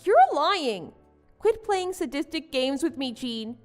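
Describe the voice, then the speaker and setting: In this story drama, a woman voices a wronged young wife and new mother pleading with her husband. Her voice sits high and expressive, and her slow, indignant protests play over soft background music.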